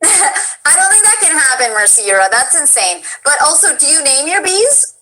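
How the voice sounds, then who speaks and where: A woman's voice: high-pitched, very animated, normal speed, sharp tone, rough recording. A woman hosting a casual interview, reacting with gushing enthusiasm. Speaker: host.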